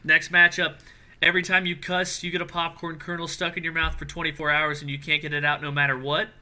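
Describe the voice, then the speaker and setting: A man's voice: a little high, flat delivery, quick pace, bright, forceful tone. A man hosting a casual podcast, reading out silly matchups and laughing often. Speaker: podcast host.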